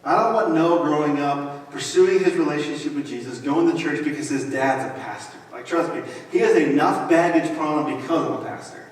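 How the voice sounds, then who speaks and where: A man in his thirties preaches in a relaxed, chatty way, dropping jokes into the sermon. His voice sits a bit high for a man. It rings through a big reverberant hall, picked up from a distance. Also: brisk, hardly any pauses. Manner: conversational, joking asides. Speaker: pastor. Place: large church auditorium. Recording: echoey hall, mic from afar.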